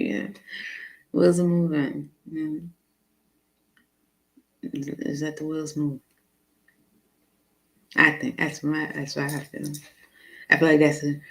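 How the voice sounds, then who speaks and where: A woman's voice: sits low, slow, vocal fry, pauses often. A woman giving a casual live tarot reading, chatty and laughing often, with many fillers. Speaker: tarot reader.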